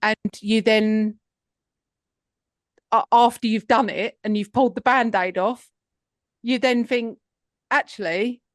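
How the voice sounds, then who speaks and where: A woman's voice: fairly high pitch, fairly even intonation, slow, long pauses, dry recording, clean studio sound. A woman co-hosting a podcast in casual chat, agreeable and encouraging, with some casual swearing. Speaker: podcast co-host.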